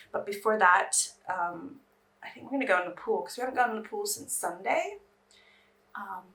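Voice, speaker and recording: A woman's voice: mid-range voice, fairly bright tone, recorded from a distance. A woman beauty vlogger in casual get-ready-with-me chat, rambling and anxious as she talks.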